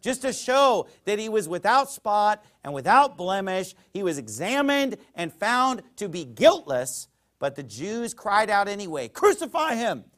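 Male pastor, high-pitched, emphatic sermon delivery, quotes scripture in archaic wording. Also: very animated, measured pace. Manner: emphatic preaching with sharp swings in loudness.

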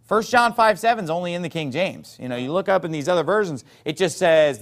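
Preacher, male, slightly high-pitched, lively sermon delivery, reads King James scripture aloud. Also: quick pace, hardly any pauses. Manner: animated, acts out opponents' voices.

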